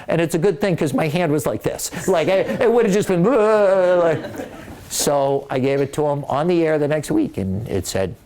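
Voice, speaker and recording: A man, an author, giving a casual, animated storytelling talk to an audience in a library, joking as he goes. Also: on the high side, normal speed. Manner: animated, joking, acts out quoted voices. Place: public library meeting room.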